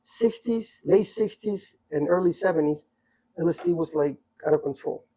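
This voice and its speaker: A man in his sixties telling rambling, animated stories from his youth in a casual podcast chat. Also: a little high, normal speed, crowd noise, low-quality recording. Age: 60s. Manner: rambling, animated anecdotes with many asides. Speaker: podcast guest storyteller. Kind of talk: casual storytelling.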